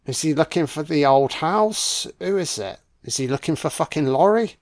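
A man's voice: a little high, expressive, normal speed. A man giving casual, crude commentary on a horror film, sarcastic and swearing nonstop as he mocks the characters.

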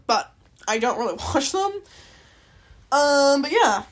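Rambling young woman, lively pitch. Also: moderate pace. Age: young adult. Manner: rambling, chatty, swears freely, self-interrupting. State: dry-mouthed and out of breath. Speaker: podcast host. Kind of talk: casual solo chat.

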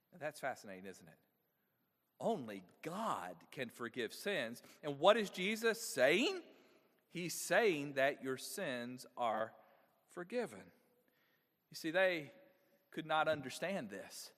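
Male pastor, high-pitched and animated, asks the room questions; big church reverb. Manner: engaging, asks the congregation frequent rhetorical questions. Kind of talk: sermon.

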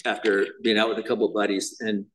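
A man's voice: lowish voice, flat delivery, fast, fairly bright tone, far from the mic, slight background noise, rough recording. A man speaking at a recovery meeting, telling his personal story in a casual, self-deprecating way, sprinkled with "man" and "you know". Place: meeting room.

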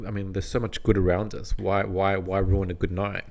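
A man's voice: deep voice, little pitch movement, normal speed, creaky. A man co-hosting a podcast, telling a story in a casual, rambling way with frequent restarts. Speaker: podcast co-host.

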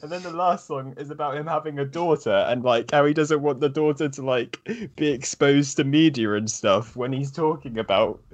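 A man's voice: mid-range voice, normal speed, hardly any pauses. A man chatting as a podcast guest, talking eagerly and rambling with lots of fillers. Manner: enthusiastic, rambling with many fillers. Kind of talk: casual chat.

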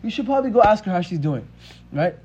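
A man's voice: high voice, sing-song, quick pace, darkish tone. A man voicing a scheming male devil who coaxes someone into wrongdoing, talking in a casual, persuasive way, on a dull recording. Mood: coaxing. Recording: dull lo-fi audio with faint hiss.

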